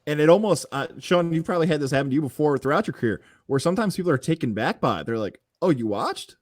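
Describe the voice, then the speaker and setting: A man's voice: a little high, expressive, rapid-fire. A man hosting a podcast, chatting casually and eagerly with his guest. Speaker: podcast host. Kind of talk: casual interview chat.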